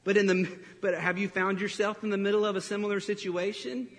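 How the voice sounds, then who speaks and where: High-voiced male pastor in a reverberant hall. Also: fairly quick. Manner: animated storytelling with laughs and acted-out quotes. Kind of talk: sermon.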